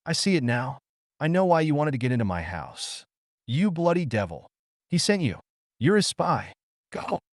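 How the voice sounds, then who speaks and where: A man's voice: mid-range voice, sing-song, normal speed, few pauses, darkish tone, no echo, clean studio sound, voice pushed up, close to an everyday voice. A man voicing a gaunt, brusque middle-aged man with a harsh voice and a clipped, snapping delivery, in an audiobook. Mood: terrified.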